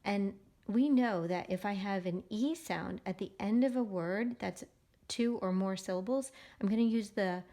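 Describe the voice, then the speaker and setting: A woman teaching a phonics lesson to young children, sounding out each syllable slowly and patiently. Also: medium pitch, mellow.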